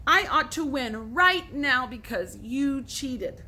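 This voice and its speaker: A woman reading the part of a stubborn, suspicious boy who yells in indignant outbursts. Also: high-pitched, animated, takes it slowly, a little hiss or hum, full character voice. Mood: outraged.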